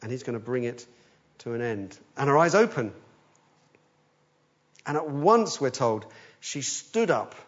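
A man preaching a sermon, telling the story with animation, swinging between urgent and hushed. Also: medium pitch, expressive, measured pace, long pauses, muffled recording.

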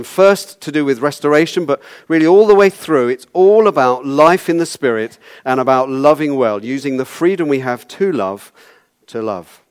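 A man's voice: on the high side, clear, resonant tone. A man preaching a sermon in a conversational, wry way, often repeating words as he goes.

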